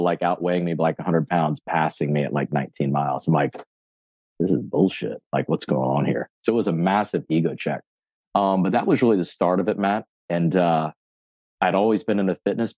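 In a podcast interview, a gym owner and fitness coach in his forties tells his story in a deep voice, with no room sound. He is an animated storyteller who acts out what people said and swears casually.

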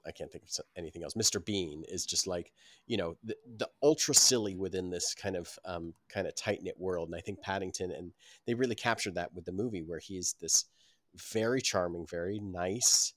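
A man with a very low voice talks through his thoughts on a podcast, rambling and thoughtful. The sound is dry and close, with no room around it. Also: brisk, fairly bright tone, dry recording. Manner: rambling, thoughtful with many fillers. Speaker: podcast co-host. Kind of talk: casual chat.

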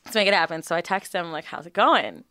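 A young woman casually telling a long, animated, profanity-filled story as a podcast co-host. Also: lowish voice, quick pace, no echo, clean studio sound.

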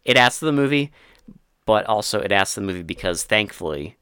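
Male co-host, casual horror-movie chat with cursing, bright tone, dry close sound. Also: fairly low pitch, animated, brisk, clear, resonant tone, no room sound. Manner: casual, swears, uses lots of filler words. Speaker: podcast co-host. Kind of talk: casual film review chat.

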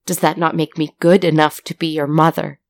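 Scientist mother, storybook, low and gravelly, pleading and stern, read by a woman. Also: little pitch movement, brisk, dry recording, studio quality.

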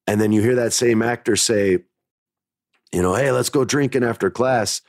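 A man hosts a casual storytelling podcast, sharing stories in a candid, emphatic, motivational style. His mid-range voice moves at a moderate pace, recorded in studio quality with no room sound.

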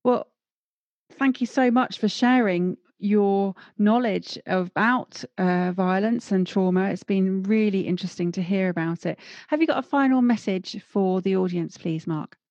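A woman's voice: medium pitch, unhurried, a little mellow, dry recording, highs cut off. A woman hosting a podcast, encouraging in chat and upbeat when reading her outro. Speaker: podcast host and life coach. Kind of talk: casual interview chat and scripted outro.

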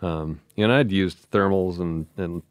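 A man who worked in law enforcement, answering on a podcast in a measured, agreeable way. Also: low-pitched, no room sound, clean studio sound. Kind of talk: casual chat.

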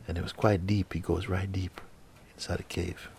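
Deep gravelly man telling a story. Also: flat delivery, moderate pace, a little hiss or hum. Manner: dramatic, repetitive, swings between loud and hushed. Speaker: spiritual teacher. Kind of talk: storytelling teaching.

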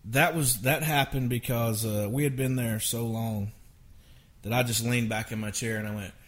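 A man's voice: mid-range voice, fairly even intonation, moderate pace. Rambling, chuckling male storyteller. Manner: rambling, self-interrupting, chuckling. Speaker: songwriter guest. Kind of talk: casual storytelling interview.

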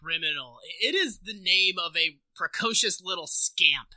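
A podcast co-host recapping with playful jokes in easy, casual chat. The voice has a very sharp, bright tone and sits in a middle pitch. It is recorded close and dry. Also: expressive, moderate pace, no echo. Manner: playful, recapping with bits and laughs.

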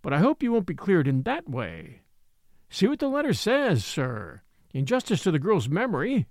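A man's voice: sits high, huge pitch swings, moderate pace, a little mellow, no room sound, studio quality, full character voice. A man doing an old, fatherly house steward. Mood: earnest. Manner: earnest, confidential. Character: loyal elderly male house steward, fatherly. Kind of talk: audiobook character reading.

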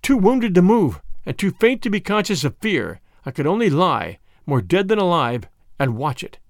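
Expressive man narrating a dark tale. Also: high voice, no room sound, clean studio sound. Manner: measured, vivid first-person storytelling. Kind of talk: dramatic audiobook narration.

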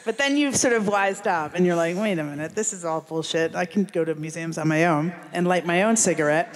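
A woman from New Jersey in a casual chat, telling lively stories about a friend and laughing often. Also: fairly low pitch, a little fast. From Central New Jersey.

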